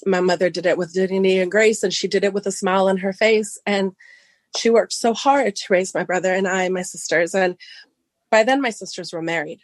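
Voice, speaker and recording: A middle-aged Southern California woman, appearing as a podcast guest, tells a personal story casually and acts out the dialogue, her voice climbing high when she gets excited. She talks briskly, and there's no room sound.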